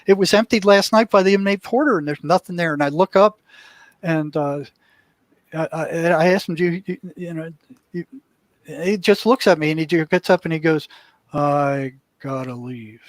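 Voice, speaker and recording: A man's voice: high voice, normal speed, dry recording. Older man telling a vivid story. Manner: vivid storyteller who acts out what people said. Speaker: interview guest, former prison mental health worker. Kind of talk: storytelling in a casual interview.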